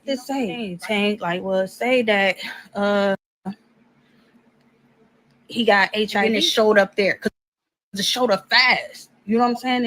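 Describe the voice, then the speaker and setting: A woman's voice: medium pitch, sharp tone, rough recording. A woman telling a personal story in a casual way, blunt and profane, acting out both sides of the dialogue.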